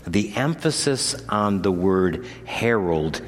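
A man preaching a sermon as pastor, moving from measured teaching to loud, emphatic proclamation. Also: animated. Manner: builds from low measured teaching to loud, high-pitched preaching. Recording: long hall reverb.

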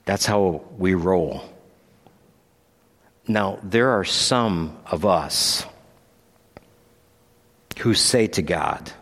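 A pastor preaching a sermon, moving between calm storytelling and raised, emphatic points. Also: male voice, sits low, slow pace, pauses often, breathy edge. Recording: long hall reverb.

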